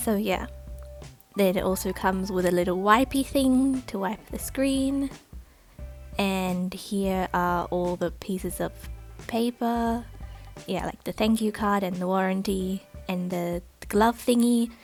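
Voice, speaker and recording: Woman vlogger, mid-pitched, rambling casual unboxing narration, cheap home mic. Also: slow pace, faint music behind. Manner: chatty, rambling, lots of "like" and "uh". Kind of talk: casual voice-over for an unboxing video. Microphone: not very good home microphone.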